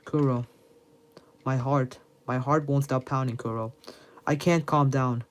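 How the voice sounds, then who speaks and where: A man's voice: medium pitch, fairly even intonation, unhurried, lightly acted. A man voicing a shy, bookish girl who grows flustered and obsessive, reading game dialogue aloud with hesitant stops. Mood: breathless.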